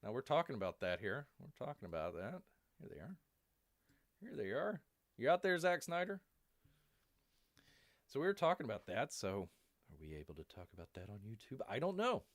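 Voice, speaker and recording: A rambling male live-stream host with a lively, swooping delivery, drifting between jokes and asides. He refers to himself as Bear in the third person. His voice sounds worn from long talking. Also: lowish voice, normal speed, pauses often, dry recording. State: voice wearing out.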